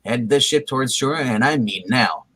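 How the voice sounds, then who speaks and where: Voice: medium pitch, normal speed, a bit bright, slightly rough, no room sound, low-quality recording. A reader voicing a cocky young male superhero in a casual comic read-aloud, with stumbles. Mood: determined. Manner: reads with stumbles and laughs.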